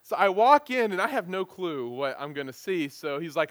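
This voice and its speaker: A middle-aged man preaching as a pastor, moving from prayer into an animated, self-deprecating personal story. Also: fairly high pitch, a little fast, no room sound.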